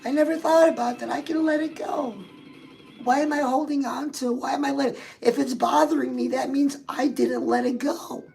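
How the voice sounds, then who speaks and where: High, gravelly woman chatting to viewers. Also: fairly even intonation, normal speed, darkish tone, soft background music, rough recording. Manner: chatty, speaks straight to viewers and reads out their comments. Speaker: live-stream host. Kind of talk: casual motivational live-stream chat.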